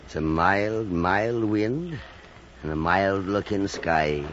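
An actor playing an obsessed old whaling captain who speaks in grand, archaic phrases, in a radio drama. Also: male voice, sits high, expressive, slow, vocal fry, bright, forceful tone, slight background noise, exaggerated voice. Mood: wistful. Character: obsessed old sea captain, commanding and wild. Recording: dull lo-fi radio recording.

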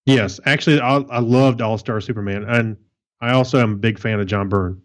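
A man's voice: fairly low pitch, brisk. A man co-hosting a podcast, chatting casually and making wisecracks. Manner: wisecracking, laughs often. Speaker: podcast co-host.

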